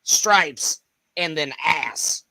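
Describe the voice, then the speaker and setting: A male co-host with a bright, sharp voice pitched a little high. He cracks crude, teasing jokes packed with swearing in casual podcast chat. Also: drawn-out words, vocal fry, dry recording.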